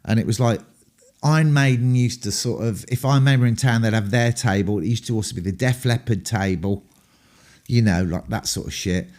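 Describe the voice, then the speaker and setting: A mellow, warm-toned man with an English accent tells candid anecdotes from his rock-and-roll days. He rambles, swears freely and fills his pauses with ums. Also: fairly low pitch. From England. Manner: rambling, profane, full of ums. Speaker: rock band frontman.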